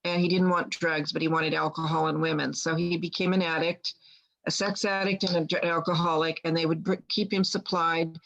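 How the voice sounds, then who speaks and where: A woman's voice: low-pitched, little pitch movement, fairly quick, creaky, a bit bright, highs cut off. A woman telling a long personal story in a rambling way, with many restarts. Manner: rambling with restarts, quotes others plainly. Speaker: guest healer telling her story. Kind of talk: casual storytelling.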